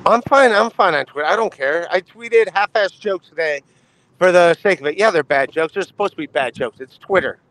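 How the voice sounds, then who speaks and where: A man's voice: sits high, a little fast, fairly bright tone, dry recording, low-quality recording. A man who is a comedian guest, talking casually and brushing off concern in a dismissive way. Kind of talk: casual chat.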